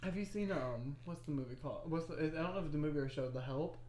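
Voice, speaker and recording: A woman's voice: low voice, fast talker, warm tone. A woman co-hosting a podcast in rambling, teasing casual chat, laughing often. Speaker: podcast co-host.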